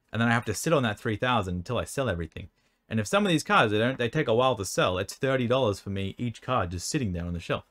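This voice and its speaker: With no echo on the recording, a man with a fairly low voice chats casually from a room next to an air conditioner. He responds to viewer questions on selling cards, wandering off track, stumbling, and hiccuping through a dry mouth.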